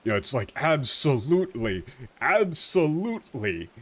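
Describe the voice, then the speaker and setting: Animated, swearing young male streamer. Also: mid-range voice, measured pace. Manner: animated, profane, many fillers. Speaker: streamer explaining translations. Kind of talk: casual game commentary.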